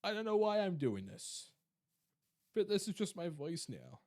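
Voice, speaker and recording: A man putting on a self-styled noble persona with an exaggerated fake American accent and drawn-out, over-pronounced words. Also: sits high, very animated, a little mellow, pitched above the performer's own voice, full character voice. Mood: playful.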